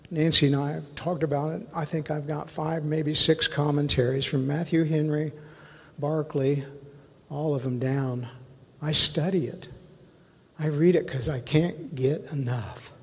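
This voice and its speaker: A man with a husky, breathy voice tells his conversion story before a congregation, earnest and full of feeling. His words ring out with a long reverb through a church sanctuary. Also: a little high, fairly even intonation, a little slow. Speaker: church member giving testimony. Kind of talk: personal testimony to a congregation.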